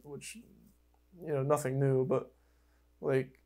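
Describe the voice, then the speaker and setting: A young man hosting a podcast in casual chat, rambling and excitable, with lots of fillers and swearing. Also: medium pitch, slow. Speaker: podcast host.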